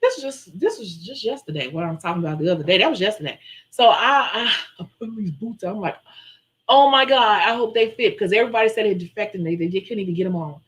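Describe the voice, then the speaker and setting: A woman who runs a nail-tech channel, chatting casually on a live stream and telling a story in an animated way. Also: mid-range voice, quick pace, low-quality recording. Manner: chatty, animated storyteller who acts out her own quotes.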